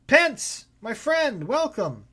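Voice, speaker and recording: A man voicing a cheerful dwarven male innkeeper who greets guests warmly in a raised voice. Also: very high voice, very animated, slow, voice pushed up, exaggerated voice. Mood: welcoming.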